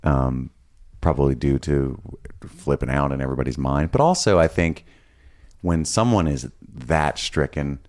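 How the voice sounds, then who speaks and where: Very deep-voiced man, casual podcast chat. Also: moderate pace. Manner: relaxed, rambling, with frequent fillers and casual swearing. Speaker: podcast co-host recapping episodes.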